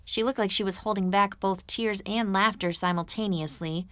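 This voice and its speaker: A woman narrating an audiobook in the first person, in a measured, even manner into a studio microphone. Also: medium pitch, no room sound.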